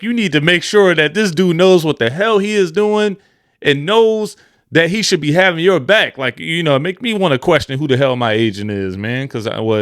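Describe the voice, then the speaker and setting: A man's voice: fairly high pitch, fairly bright tone, no echo, studio quality. A man co-hosting a podcast, ranting in emphatic, slangy casual chat. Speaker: podcast co-host.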